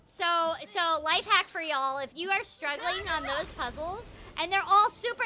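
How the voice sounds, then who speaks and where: A woman's voice: very high-pitched, measured pace, few pauses, pushed and bright. A young woman, a voice actor, giving casual, bubbly gameplay commentary, giggling often and filling her talk with "like". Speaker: voice actor streaming a game.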